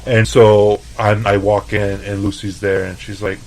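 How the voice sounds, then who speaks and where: A man from El Paso, a chef, telling stories in a loose, profane, animated way on a podcast. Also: fairly low pitch, measured pace, a little hiss or hum, rough recording. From El Paso, Texas. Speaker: chef, interview guest. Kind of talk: casual storytelling.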